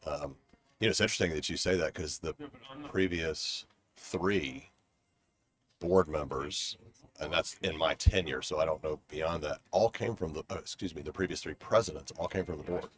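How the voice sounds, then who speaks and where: Very deep-voiced man reminiscing. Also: normal speed. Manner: reflective, rambling storyteller. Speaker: former board member. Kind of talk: casual conversation. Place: outdoor garden bench.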